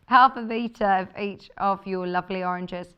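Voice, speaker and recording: A woman's voice: mid-range voice, moderate pace, clear, resonant tone, muffled recording. A woman presenting sewing kits on a live shopping channel, chatty and bubbly, thinking aloud as she shows the fabrics. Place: TV studio.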